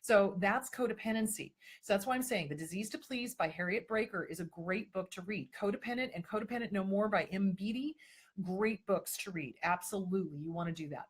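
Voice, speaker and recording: A woman with a husky voice hosts a live-stream advice talk. She speaks at a middle pitch and answers viewer questions in an emphatic, repetitive way, and now and then she puts on mocking voices to act out other people. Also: a little fast.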